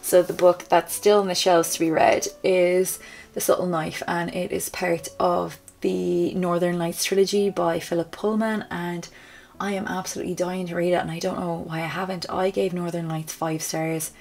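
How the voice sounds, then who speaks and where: A woman book vlogger giving a casual, chatty bookshelf tour, self-deprecating and dropping into soft whispery asides. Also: lowish voice, level tone, moderate pace, gravelly.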